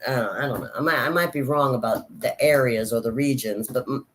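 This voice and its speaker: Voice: mid-range voice, a little fast, fairly bright tone, slight background noise. A vlogger and actor chatting casually to camera, meandering from thought to thought with frequent restarts and fillers. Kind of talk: casual rambling chat to camera.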